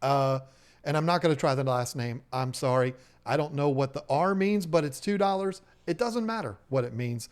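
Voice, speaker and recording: A man co-hosting a live stream about aquarium fish, reading viewer messages and rambling through jokes and stories in an excitable, chatty way. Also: a little high, normal speed, clean tone. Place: fish shop owner's live stream setup.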